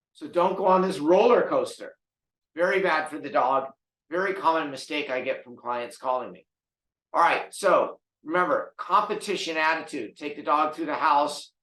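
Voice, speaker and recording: Emphatic man, fairly high, roomy echo. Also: fairly bright tone. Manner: emphatic, repeats key words. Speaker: dog trainer. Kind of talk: casual podcast monologue.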